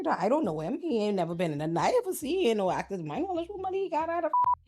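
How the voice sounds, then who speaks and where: A young woman with a somewhat high voice hosts a casual commentary. She talks bluntly and with plenty of profanity, and she slips into lively impressions of the people she quotes. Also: rapid-fire, breathy edge. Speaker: pop culture commentator host.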